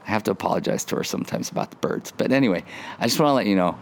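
A man in his forties hosting a casual devotional podcast from his front porch, chatty and excitable with lots of restarts. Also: fairly low pitch, racing, creaky, a little hiss or hum. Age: 40s. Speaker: podcast host.

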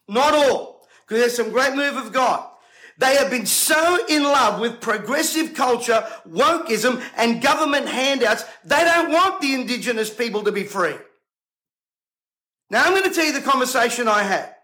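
A man's voice: extremely high pitch, lively intonation, moderate pace, pushed and bright, low-quality recording. A man, a preacher talking straight to camera in an emphatic, combative way, firing off rhetorical questions. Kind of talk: indignant monologue to camera.

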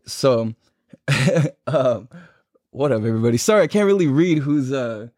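Laughing at himself, a young male podcast host tells a story as a heated, profane rant in a casual style. His medium-pitched voice is darkish and a little slow. The audio is dry and studio quality, though it comes from a live stream on a phone.

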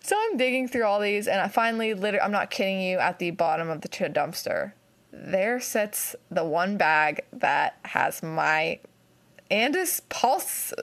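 A young woman from West Virginia, a dog groomer, telling a story in casual chat and acting out quotes with big jumps in pitch. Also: expressive, unhurried.

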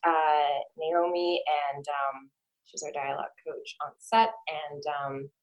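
A woman actor being interviewed in casual chat, animated and laughing often, trailing off and restarting as she talks. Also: low-pitched, unhurried. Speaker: actor guest. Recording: roomy echo.

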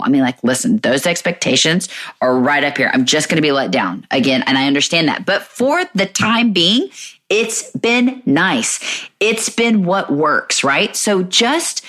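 A woman in her thirties with a fairly low, slightly bright voice hosts a podcast. Her casual monologue is candid, chatty, and self-mocking.

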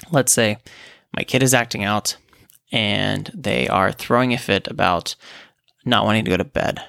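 A man's voice: mid-range voice, gravelly, fairly bright tone, dry recording, studio quality. A man who hosts a podcast as a physician, talking conversationally and explaining step by step with frequent "right?" check-ins. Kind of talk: solo podcast talk.

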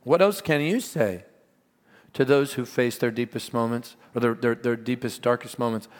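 A man preaching a sermon as pastor, earnest and animated, mixing stories and asides with scripture. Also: mid-range voice, moderate pace. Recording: long hall reverb.

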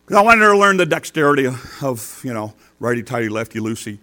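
A man's voice: mid-range voice, big pitch swings, quick pace. An older man, a grandfather, preaching a folksy sermon, telling homely stories and acting out quotes. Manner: folksy storytelling, acts out quotes with big swings in loudness. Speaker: pastor.

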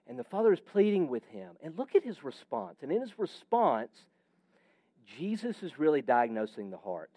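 A man's voice: a little high, wildly swooping pitch, normal speed, dark tone, no room sound. A man preaching a sermon with emphatic, varied delivery that sometimes drops almost to a whisper. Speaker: pastor.

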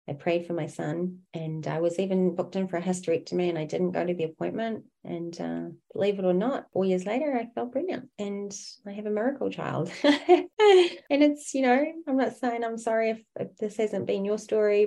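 Earnest motivational woman podcaster, low voice. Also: warm tone. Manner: earnest, emphatic, swears freely, addresses listener as Mama. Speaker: podcast host. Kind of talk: motivational monologue.

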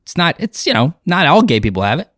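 A man's voice: a little high, sing-song, fast talker, a bit bright, no echo, studio quality. A man, a comedian and impressionist, telling a rambling, profane, self-deprecating story in a casual way.

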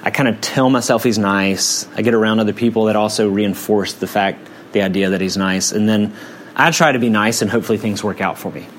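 A man's voice: on the low side, steady tone, fairly quick, slight background noise. A man in his forties, a pastor preaching a sermon in a conversational way, often hedging with "kind of" and "um".

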